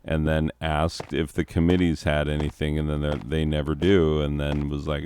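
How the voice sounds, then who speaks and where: A man's voice: rumbling low, flat delivery, fairly quick, few pauses, a little mellow, slight background noise. A man, a teacher, chatting casually and rambling sarcastically while he plays a game, chuckling now and then.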